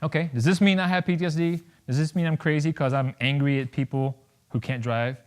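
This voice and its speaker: A man in his thirties speaks to an audience as a veteran, blunt and joking. His voice sits a little high for a man. He acts out the conversations he tells about, and his loudness swings widely between them. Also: fairly even intonation, fairly quick, clear, resonant tone. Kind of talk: public talk to an audience.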